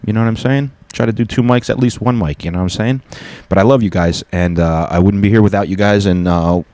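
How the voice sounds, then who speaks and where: Deep-voiced man, loose profane podcast chat. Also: quick pace, darkish tone, no echo. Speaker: podcast host and stand-up comic. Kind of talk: casual solo podcast chat. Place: home apartment.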